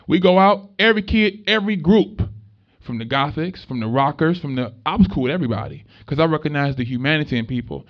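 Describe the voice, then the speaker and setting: A young man giving a motivational talk to students, telling stories in an animated, conversational way with street slang. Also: a little high, quick pace. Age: young adult. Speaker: motivational speaker. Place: room with a live student audience. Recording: dull lo-fi recording.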